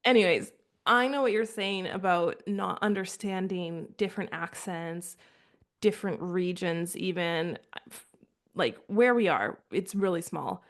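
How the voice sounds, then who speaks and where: A woman's voice: fairly low pitch, a little slow. A woman in casual podcast conversation, a chatty storyteller who acts out what others said. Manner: chatty storyteller, quotes people in animated asides. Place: rural France.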